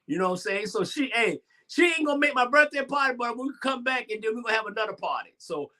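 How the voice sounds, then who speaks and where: A man in his sixties from Georgia with a Southern accent, hosting a talk show and chatting in a lively, boastful way. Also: very high-pitched, fast, few pauses. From Savannah, Georgia, US. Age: 60s. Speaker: host. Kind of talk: animated solo talk show monologue.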